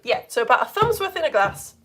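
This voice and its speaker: A woman's voice: sits high, big pitch swings, quick pace, a bit bright. A woman teaching a live online science lesson in a chatty, enthusiastic way, asking the viewers questions as she goes.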